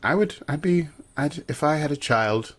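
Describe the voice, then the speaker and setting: A man's voice: on the high side, expressive, normal speed. A man co-hosting a podcast, chatting casually and jokily as he recaps a TV episode with asides. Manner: chatty and jokey, riffing with asides. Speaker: podcast co-host.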